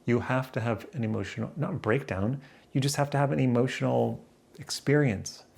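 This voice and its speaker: Male vlogger, mid-range voice with gravel, rambling and self-mocking at a camera. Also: mid-range voice, moderate pace, a little mellow. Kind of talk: rambling solo daily vlog. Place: room indoors near a window. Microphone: camera in front of him, seated.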